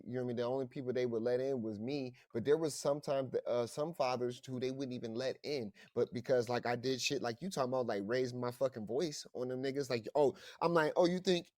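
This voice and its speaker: A man's voice: mid-range voice, brisk, darkish tone, no room sound, clean studio sound. A man co-hosting a casual podcast, telling a heated story full of profanity and acted-out quotes. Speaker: podcast co-host.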